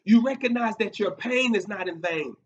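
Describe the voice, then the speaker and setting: A man's voice: high-pitched, animated, normal speed, highs cut off. Earnest man teaching Bible study, far from mic. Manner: earnest, repeats key words for emphasis, frequent fillers. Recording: distant mic with faint background noise.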